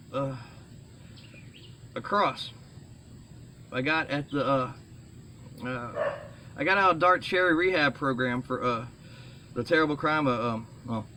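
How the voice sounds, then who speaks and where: A middle-aged man rambling excitedly in a casual vlog, full of fillers and restarts, saying he is sweating. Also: mid-range voice, unhurried, long pauses, a little hiss or hum. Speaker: vlogger.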